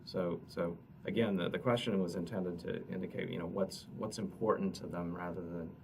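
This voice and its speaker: A man, an economist, explaining survey results at a press conference in a halting way, often repeating words. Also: low voice, steady tone, creaky. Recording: distant mic with noticeable noise.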